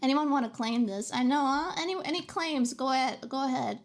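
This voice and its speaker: A woman's voice: sits high, fairly quick. A young woman streaming a game in casual chat, giggly and chatty, often restarting her sentences. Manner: giggly, chatty, self-interrupting.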